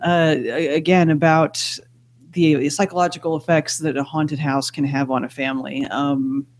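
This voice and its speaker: A man co-hosting a casual podcast who laughs often and drops quick jokey asides. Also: on the high side, little pitch movement. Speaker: podcast co-host. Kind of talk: casual chat.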